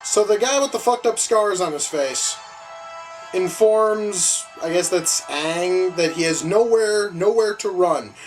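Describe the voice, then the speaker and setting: A man reviewing movies in a profane, sarcastic rant, swinging from mutters to high-pitched outbursts of disbelief. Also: slow pace, music in the background, rough recording. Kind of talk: profane reaction commentary.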